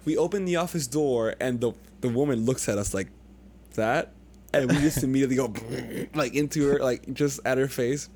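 A young man casually telling a long, animated story on a podcast, swearing freely and acting out what people said. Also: medium pitch, normal speed. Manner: animated, profane, acts out quotes. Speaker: podcast co-host.

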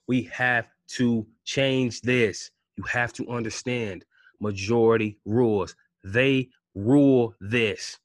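A man speaking at a middle pitch, ranting to camera with mounting frustration. He fires off rhetorical questions, jumps to loud outbursts, then drops to low mutters. The sound is close and dry, with no room around it. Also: no echo. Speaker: vlogger. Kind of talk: impassioned commentary rant.

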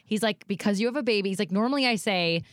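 A woman's voice: quick pace, dry recording, studio quality. A woman in her thirties telling a story in casual chat, her voice leaping up when she acts out her own panic. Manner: animated storyteller, voice jumps high when acting out panic.

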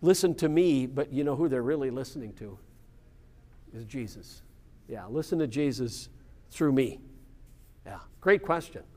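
A man's voice: medium pitch, animated, moderate pace, pauses often, darkish tone. A man leading an informal Bible study class, explaining scripture conversationally and often checking in with the group. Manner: conversational, keeps checking in with "right?" and "yeah".

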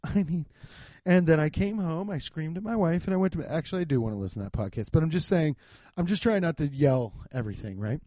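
A young man hosting a casual solo podcast, rambling and swearing, swinging from muttering to loud outbursts. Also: on the high side, fast talker, no room sound. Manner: loose, profane, rambling with frequent swearing; animated, jumps between muttering and loud outbursts. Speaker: podcast host. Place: home garage.

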